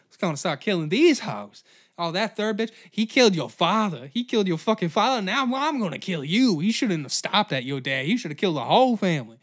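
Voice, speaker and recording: Loud crude ranting queen, jealous and murderous, as a comedian puts her on. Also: sits high, big pitch swings, brisk, heavily acted. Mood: vengeful.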